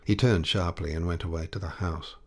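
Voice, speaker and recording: Deep, gravelly male audiobook narrator. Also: fairly even intonation, a little fast, darkish tone. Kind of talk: scripted narration.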